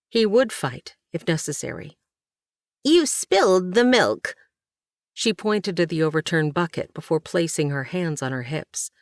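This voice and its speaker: A woman narrating a historical novel as an audiobook, measured and even, on a close studio mic. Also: deep voice, no echo. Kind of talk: scripted narration.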